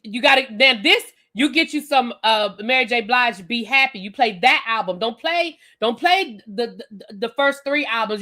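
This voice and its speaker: A woman hosting a live reality-TV review stream on webcam, ranting bluntly and sassily straight at her viewers. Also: on the high side. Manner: animated, blunt and sassy, addresses viewers directly. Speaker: reviewer and channel host.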